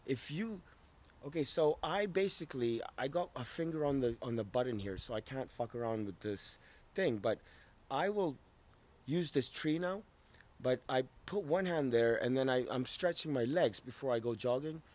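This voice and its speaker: A man recording a handheld video log to his landlord, rambling and profane, swinging from loud outbursts to low mutters. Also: expressive, normal speed. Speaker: vlogger addressing his landlord. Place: outdoors and indoors at his rented home.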